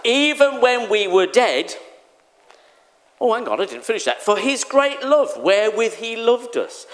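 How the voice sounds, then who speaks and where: A man preaching a sermon in a church, animated and exclamatory, acting out the voices he quotes. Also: high-pitched. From England. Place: church hall.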